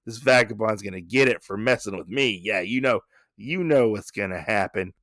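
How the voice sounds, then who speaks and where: A man growling out a spiteful pig bully, low and quiet, sneering and menacing. His gravelly voice drops below its usual range and sits dry and close to the mic. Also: normal speed, dry recording.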